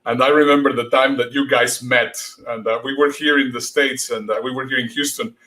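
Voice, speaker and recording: A man hosting a casual conversation, speaking haltingly with frequent fillers and laughs. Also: mid-range voice, steady tone, pushed and bright. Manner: halting, many fillers and restarts, laughs often. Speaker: host. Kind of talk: casual chat.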